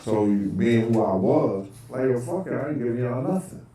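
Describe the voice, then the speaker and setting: A middle-aged man casually telling a long personal anecdote, rambling with lots of "you know" and "um", and getting loud when he acts out other people. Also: lively intonation, moderate pace, slight background noise. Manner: rambling, loose delivery with frequent "you know" and "um"; gets loud and high when acting out quoted people. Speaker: storyteller recounting personal anecdotes. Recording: roomy echo.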